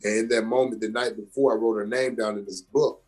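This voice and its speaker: A young adult man from Georgia in the US, an actor and comedian guest telling his story with animated emphasis in a casual interview. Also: fairly low pitch, fairly quick, faint music behind.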